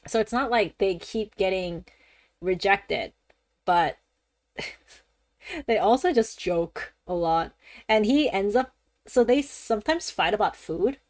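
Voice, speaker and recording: A woman's voice: mid-range voice, slow, pauses often, no echo. Chatty woman streamer with dry sound. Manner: rambling, animated, laughs often, swears casually. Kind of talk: casual gaming-stream chat.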